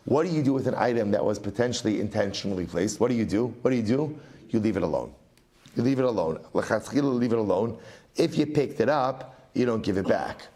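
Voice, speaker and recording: Middle-aged rabbi guy teaching talmud, lively, keeps repeating lines to drive a point home, mid-pitched voice. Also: fairly quick. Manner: animated, repeats phrases for emphasis, mixes in Aramaic and Hebrew. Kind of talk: Talmud study lecture.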